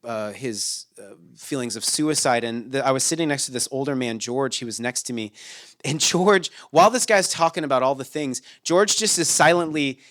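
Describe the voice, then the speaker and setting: A man's voice: mid-range voice, moderate pace, a bit bright. Man, thirties, podcast co-host, casual chat, reflective, rambling, restarts.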